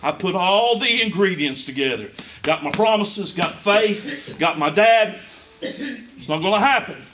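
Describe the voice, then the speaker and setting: Brief: man preaching a testimony, fervent, higher pitch, bright timbre, a bit off mic. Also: lively intonation, a little slow, far from the mic, slight background noise. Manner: impassioned storytelling, building to fervent cries. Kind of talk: sermon testimony.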